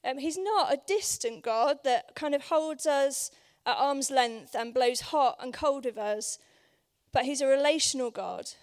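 A woman preaches to a church congregation in a loose, conversational sermon. Her voice sits high and sounds a little hoarse. She fills pauses with ums and keeps checking in with the room. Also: darkish tone. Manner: conversational, many ums, asks the room for agreement. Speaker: guest preacher. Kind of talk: informal sermon. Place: church service.

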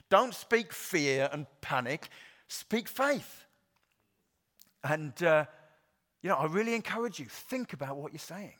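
Bright-voiced male pastor preaching. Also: a little high. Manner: earnest, conversational preaching with frequent fillers. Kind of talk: sermon.

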